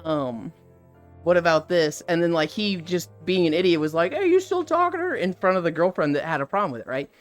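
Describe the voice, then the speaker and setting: A man's voice: on the high side, steady tone, fairly quick, clean tone, soft background music. A man in his thirties, a streamer telling a story in casual talk, swearing freely and acting out the people he quotes.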